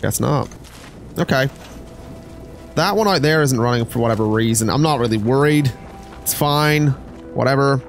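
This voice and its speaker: A man's voice: medium pitch, normal speed, pauses often, soft background music. A man streaming a game, rambling and joking with chat in casual gameplay commentary.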